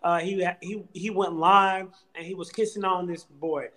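Man, podcast co-host, slightly high voice, animated, emphatic, slangy casual chat. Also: normal speed, rough recording.

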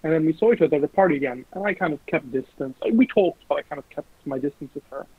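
A young man with a slightly higher voice, husky and a little rough, tells lively anecdotes full of swearing and quick impressions. The sound is dry and narrow, like a phone line. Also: no room sound. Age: young adult. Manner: animated, swearing, mimics voices in quotes. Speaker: guest. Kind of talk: casual storytelling. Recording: lo-fi phone-like recording.

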